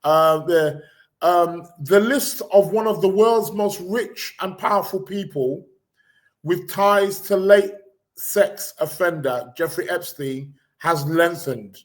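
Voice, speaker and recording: An English podcast host reads the news during a casual live chat, rambling sarcastically with many fillers and restarts. His voice sits high and he speaks slowly.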